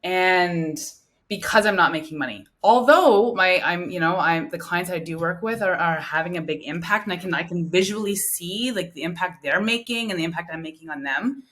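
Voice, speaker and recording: A woman calling in to a live coaching show, talking earnestly and haltingly about her business. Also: lowish voice, a bit bright. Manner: earnest, halting, restarts often. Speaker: caller, coach with a small business. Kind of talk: casual live-call conversation.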